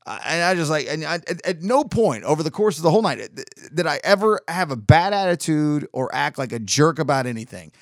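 A man's voice: a little high, animated, a little fast, few pauses, dry recording, clean studio sound. A man talking in a casual, rambling monologue, exasperated and full of restarts.

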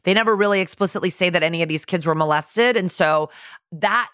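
A woman's voice: on the low side, brisk, a bit bright, clean tone, no room sound, studio quality. A woman co-hosting a podcast, chatting casually with lots of fillers. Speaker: podcast co-host. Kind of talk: casual chat.

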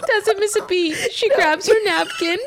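A young woman telling a story among friends in casual chat, animated and swearing, often laughing. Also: very high voice, measured pace, heavy background noise.

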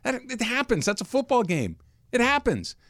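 A man's voice: very high-pitched, dry recording. A man co-hosting sports talk radio, arguing his points emphatically in casual studio banter. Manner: emphatic, animated, quick to argue.

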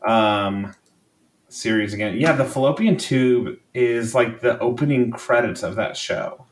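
A man's voice: mid-range voice, a little slow, reverberant. A man co-hosting a podcast in casual chat, joking and swearing freely. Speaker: podcast co-host.

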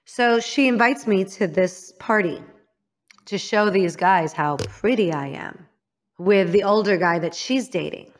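A woman from Illinois telling her own story as an interview guest, frank and emphatic, dropping to a hushed voice for the painful memories. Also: mid-range voice, measured pace. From Illinois, United States. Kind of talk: candid personal storytelling.

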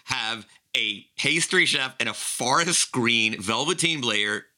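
A man co-hosting a podcast, recapping a show in animated casual chat full of "like". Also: medium pitch, takes it slowly. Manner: animated, peppered with "like". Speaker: podcast co-host.

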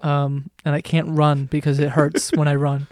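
A man hosting a casual drinking chat, telling animated stories with lots of swearing and laughter. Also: a little high, normal speed, dry recording, clean studio sound. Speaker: podcast host.

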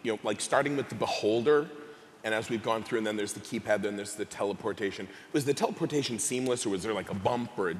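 Dude at the game table rambling with lots of likes, echoey room, slight hum. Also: male voice, on the low side, fast talker. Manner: rambling, hedging with "like". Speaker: player. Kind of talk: casual chat at a game table.

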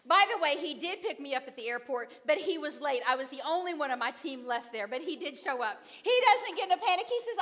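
A middle-aged woman preaching a sermon with a high, bright and lively voice. She tells a personal story with animation, acting out her own fright and her husband's unruffled answers, and she lets the pace run fast and then slow.

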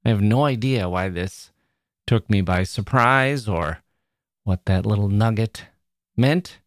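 A man's voice: mid-range voice, dry recording, clean studio sound. A man hosting a literature podcast, chatting wryly and then reading a passage aloud. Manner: chatty, wry, self-correcting. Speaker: podcast host. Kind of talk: casual solo podcast talk and reading aloud.

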